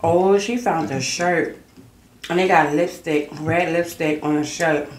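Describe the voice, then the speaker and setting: A woman's voice: low voice, measured pace, slight background noise. A woman hosting a reaction video, chatting casually and sassily with her viewers. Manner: animated, sassy banter with viewers. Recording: echoey room with movie playing.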